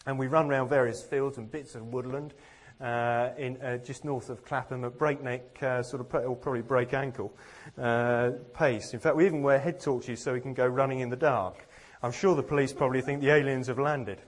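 A man's voice: medium pitch, steady tone, normal speed, hardly any pauses. Earnest man preaching with rhetorical questions. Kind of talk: sermon.

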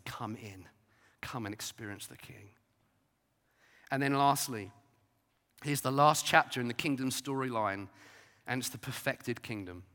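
Man, preacher, sermon, bright forceful tone, slightly high voice, emphatic swings from loud to soft. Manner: emphatic, rising to loud declarations and dropping to soft asides. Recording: long hall reverb.

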